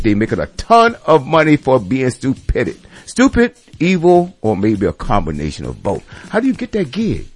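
A man's voice: mid-range voice, husky. A male radio host delivering an indignant, sarcastic rant with many exclamations. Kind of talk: ranting commentary.

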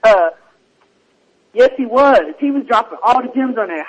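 Casting: male podcast host, very high-pitched, husky, playful and argumentative. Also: moderate pace, low-quality recording. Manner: animated, teasing, rapping lines aloud. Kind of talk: casual chat.

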